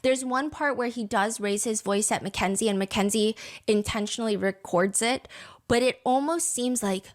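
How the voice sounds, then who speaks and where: Woman recounting true crime, talky and emphatic, fond of asides, slightly high voice. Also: moderate pace. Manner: chatty, emphatic, many asides. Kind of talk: casual storytelling commentary.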